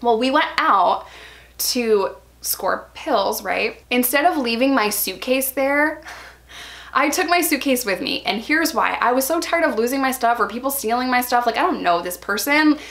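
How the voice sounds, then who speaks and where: A woman in her thirties tells a story straight to the camera. Her voice sits a little high, and she talks in a loose, chatty way full of fillers. She springs into a higher voice whenever she acts out what someone said. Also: normal speed. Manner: animated, acts out quoted lines in a raised voice. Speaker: vlogger. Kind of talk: casual personal storytelling.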